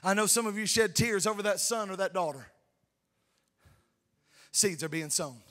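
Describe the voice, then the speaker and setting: High, bright preacher. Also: male voice, normal speed. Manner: fervent preaching, swinging from shouted peaks to hushed tender asides. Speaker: pastor. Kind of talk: sermon. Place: church sanctuary.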